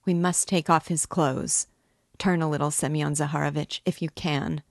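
A woman reading aloud, voicing a frantic, despairing wife who cries out loudly and irritably at her dying husband. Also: low-pitched, fairly even intonation, normal speed, dry recording, studio quality. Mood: shrill, irritable. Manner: loud, irritable crying out. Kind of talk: audiobook reading.

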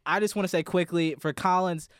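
A man's voice: high-pitched, steady tone, fairly quick, fairly bright tone, smooth, no room sound, studio quality. Young man giving a rambling farewell. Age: young adult. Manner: rambling, heartfelt, with restarts and laughter. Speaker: college radio host. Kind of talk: emotional farewell speech on air.

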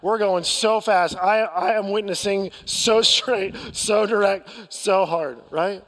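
A man's voice: high-pitched, slow pace, a bit bright, in a large hall. An American man preaching a sermon as pastor, telling a personal story candidly with self-deprecating humor and frequent restarts.

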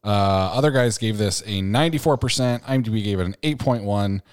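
A man with a low voice co-hosts a casual podcast, recorded close and dry with no room sound. He reads off figures in a plain, listing way. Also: dry recording. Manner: plain, reads facts in quick list. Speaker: podcast co-host. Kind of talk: casual chat.

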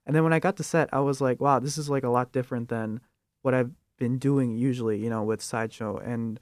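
A young student actor talking casually in a halting, hesitant way and laughing easily. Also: male voice, mid-range voice, steady tone, dry recording, studio quality. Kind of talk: casual panel chat.

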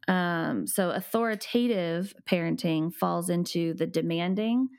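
This is a woman co-hosting a parenting podcast. Her voice sits fairly low and carries a gravelly fry, and she explains each idea patiently and step by step. The recording is close and dry. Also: darkish tone, dry recording.

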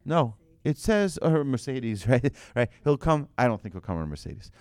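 A man giving an animated religious lesson to a group, asking rhetorical questions and telling anecdotes. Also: mid-range voice, fairly quick, dry recording.

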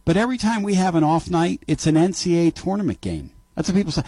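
A man hosting a sports call-in radio show, talking emphatically and trading quick remarks with callers. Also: fairly high pitch, breathy edge, no echo. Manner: animated and emphatic, quick back-and-forth with callers. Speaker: sports talk radio host.

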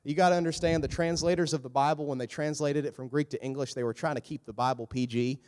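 A man preaching a sermon in an animated, casual way, breaking into jokes and quick impressions of the people in the passages he reads. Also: a little high. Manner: animated, joking asides with quick voiced impressions. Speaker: pastor. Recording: echoey hall with long reverb.

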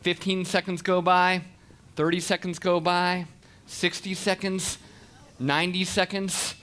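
Man in his 30s, high voice, bright tone, animated storytelling talk. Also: measured pace. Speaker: speaker.

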